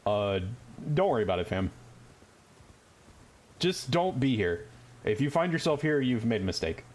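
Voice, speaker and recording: A man's voice: mid-range voice, big pitch swings, moderate pace, darkish tone, slight background noise. Joking man streaming a game. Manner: joking, profane, rambling asides. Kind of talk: casual gaming commentary.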